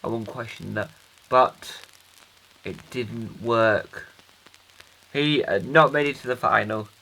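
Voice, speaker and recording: A man doing a bright rambling dad. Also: medium pitch, takes it slowly, gravelly, a little hiss or hum, full character voice, rough recording. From United Kingdom. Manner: rambling, hesitant, self-interrupting. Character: earnest rambling dad filming a video diary for his kids. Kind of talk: comic character monologue.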